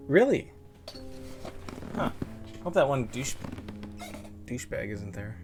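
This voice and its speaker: A man's voice: medium pitch, very animated, slow pace, music in the background. A congested man streaming a game, thinking aloud bluntly and swearing as he plays. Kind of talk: casual live-stream commentary.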